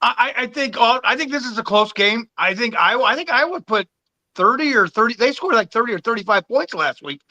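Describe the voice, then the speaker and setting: High, bright-voiced man mulling football picks. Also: animated, fairly quick. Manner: hesitant, repeats starts, chuckles. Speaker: podcast co-host giving picks. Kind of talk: casual sports chat.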